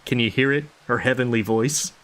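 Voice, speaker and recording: A man's voice: mid-range voice, moderate pace, a bit bright, natural voice. A man reading a raving, sleepless mad doctor. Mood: muttering. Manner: rambling, swearing, paranoid muttering. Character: unhinged mud-caked male doctor, sleepless, raving. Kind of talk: reading game dialogue aloud.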